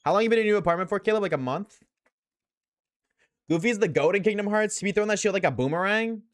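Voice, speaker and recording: A young man streams a game, joking with his audience in slangy, quick bursts of talk. His voice sits high, and the recording is dry.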